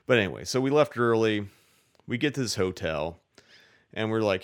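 A man's voice: lowish voice, expressive, normal speed, pauses often. A man casually telling a long, rambling story, cursing often and filling his talk with "like". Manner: rambling, profane, many "like" fillers.

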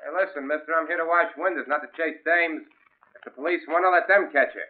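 Give me a gruff window washer played by a man on old radio. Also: on the high side, fast, close to an everyday voice. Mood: brusque. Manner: brusque and dismissive. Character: gruff working-class male window washer. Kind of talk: 1940s radio drama acting. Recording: tinny old radio broadcast.

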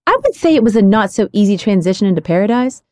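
A woman's voice: mid-range voice, very animated, quick pace, a little mellow, no echo, clean studio sound. A young woman hosting a casual podcast, bubbly and teasing as she chats with her co-hosts. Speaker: podcast host.

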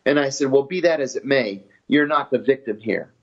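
A man's voice: medium pitch, fairly quick, breathy edge. Matter-of-fact man recounting a story, lo-fi. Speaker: former intelligence officer telling his story. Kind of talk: storytelling interview. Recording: dull lo-fi audio.

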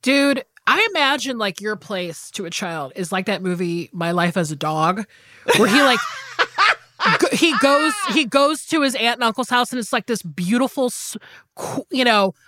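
A woman's voice: a little high, sing-song, moderate pace, sharp tone, no echo, studio quality. A woman co-hosting a podcast in casual chat, rambling through stories with lots of fillers. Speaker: podcast co-host.

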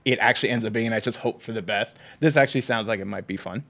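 A man co-hosting a podcast in casual chat, relaxed and quick to laugh. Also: on the low side, vocal fry. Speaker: podcast co-host.

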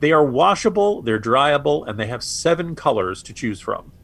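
A man's voice: mid-range voice, very animated, normal speed, a bit bright. A man co-hosting a political podcast, sarcastic and exasperated, often stammering and restarting. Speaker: co-host.

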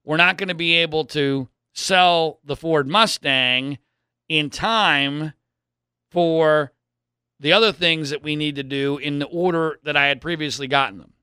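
A man, probably in his thirties, telling a personal story in an exasperated way, swinging between loud outbursts and low mutters. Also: unhurried, clear, resonant tone, no echo, clean studio sound.

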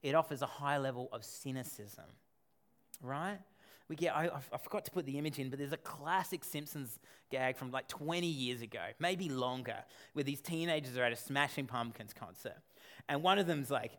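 A man delivers a sermon to his congregation. He preaches in a conversational, animated way, tossing in rhetorical questions and quick asides. His voice sits on the high side for a man and swings widely in pitch. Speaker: pastor.

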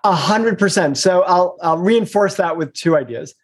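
A middle-aged man, an executive coach, talking casually in an interview, emphatic and expressive, speeding up in bursts and slowing down to make a point. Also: high voice, slightly rough.

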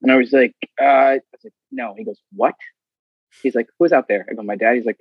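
A man, a guest, telling stories in a casual, animated way and acting out other people's lines. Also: medium pitch, a little fast, husky, no echo. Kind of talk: casual storytelling. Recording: dull, slightly muffled audio.

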